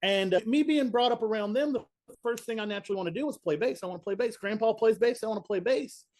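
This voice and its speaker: A young man from Kentucky with a Southern accent, a band's bassist telling stories in a laid-back, chatty way. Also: fast, a little mellow. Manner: laid-back, chatty storyteller, says "man" and "dude" a lot. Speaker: band bassist, guest. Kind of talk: casual interview chat.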